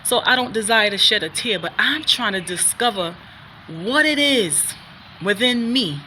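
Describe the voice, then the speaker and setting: A woman's voice: medium pitch, expressive, a little slow, bright, forceful tone, a little hiss or hum. A middle-aged woman vlogging to her viewers about faith and personal struggle, earnest and preachy, repeating phrases and sometimes fumbling her words. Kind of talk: faith-based personal vlog, talking to viewers.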